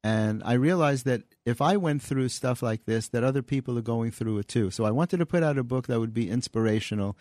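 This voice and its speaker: A man's voice: mid-range voice, brisk, few pauses, darkish tone, no room sound. A man being interviewed in a radio studio, telling stories in an earnest way. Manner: earnest storyteller. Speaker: guest, comedy writer and author. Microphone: studio microphone.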